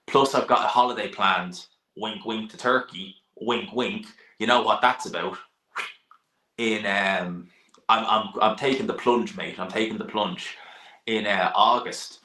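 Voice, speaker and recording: A young man chats bluntly on a live stream, answering his viewers as they ask. His voice sits a bit low but comes across bright and forward. The room around him is noticeably echoey. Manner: chatty, blunt, sighs and laughs, swears now and then. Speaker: live-stream host reading chat. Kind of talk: casual live-stream chat.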